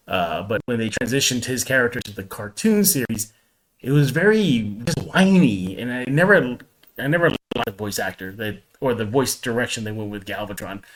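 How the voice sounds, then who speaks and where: A man co-hosting a podcast in casual chat, animated and repeating words as he talks. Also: mid-range voice. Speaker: podcast co-host.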